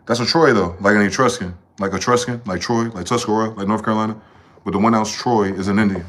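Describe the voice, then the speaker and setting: Low-voiced man ranting on a livestream. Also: steady tone. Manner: ranting and profane, with sudden high-pitched shouted outbursts; repeats words in rapid chains. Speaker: livestream host. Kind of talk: livestream monologue.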